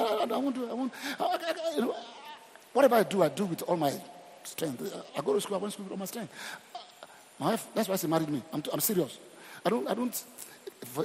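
A middle-aged Nigerian man preaching in a church hall, his somewhat high voice ringing with a long reverb. He talks emphatically, repeats himself, and keeps turning to the congregation with questions. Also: a little hiss or hum. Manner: animated and emphatic, repeats phrases, asks the crowd questions. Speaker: pastor. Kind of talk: sermon.

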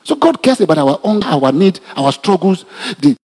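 Male pastor, animated sermon delivery, husky tone, reverberant church. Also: high voice, moderate pace. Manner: animated preaching with laughs and repetitions. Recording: reverberant hall.

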